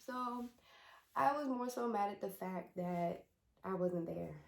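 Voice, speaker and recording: Young woman, vlogger, emotional personal story, halting, roomy echo. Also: mid-range voice, vocal fry. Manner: emotional, halting, with many pauses and fillers. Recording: echoey room.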